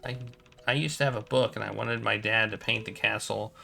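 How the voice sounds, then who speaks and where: Dude voicing a hurt young woman who loves fairy tales, stammery and pleading, kinda raspy. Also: on the low side, fairly even intonation, fairly quick, pushed and bright, faint music behind, heavily acted.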